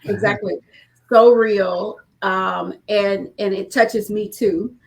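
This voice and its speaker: A woman's voice: mid-range voice, steady tone, takes it slowly, gravelly, a little hiss or hum. A woman in her thirties, a small business owner, talking earnestly in a casual panel conversation from her home studio over a video call. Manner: earnest, rambling with fillers. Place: home studio, former bedroom.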